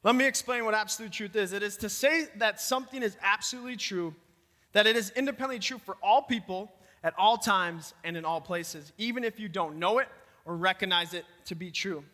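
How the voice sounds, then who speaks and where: A man with a Minnesota accent preaching a lively youth sermon and talking straight to the room. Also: sits high, brisk. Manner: energetic, talks to the room directly. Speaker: youth pastor. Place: church youth hall. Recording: long hall reverb.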